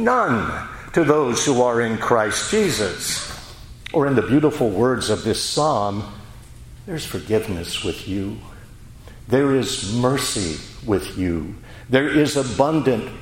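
A man preaching a sermon, slow and emphatic, with dramatic pauses. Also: medium pitch, roomy sound, a little hiss or hum, rough recording. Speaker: pastor.

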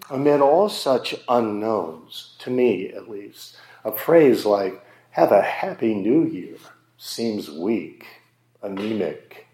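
Slow, deliberate preaching man. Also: lowish voice, mellow, echoey room. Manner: slow, emphatic preaching with dramatic pauses. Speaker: pastor. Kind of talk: sermon.

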